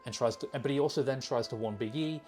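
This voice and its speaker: A man retells a long tale in casual podcast chat, stumbling and restarting as he goes. His voice sits at an ordinary pitch. Faint music runs underneath. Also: quick pace, a little mellow. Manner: rambling storyteller, restarts, acts out quotes. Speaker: podcast host explaining the lore.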